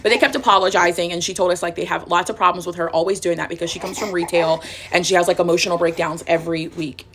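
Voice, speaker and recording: A young woman vlogger telling a sassy, animated story while getting ready. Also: lowish voice, fast, vocal fry, background noise.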